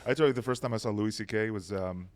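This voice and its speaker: A man's voice: fairly low pitch, fast. A man co-hosting a comedy podcast, rambling through casual banter and stories with joking asides and restarts. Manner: rambling, restarts and trails off mid-thought. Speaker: podcast co-host.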